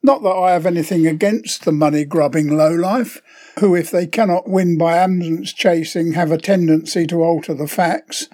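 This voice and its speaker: An older man hosts a podcast with a scripted, sardonic comic monologue. His voice sits a little high for a man, and his tone is opinionated and wry. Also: moderate pace, a little mellow. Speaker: podcast host.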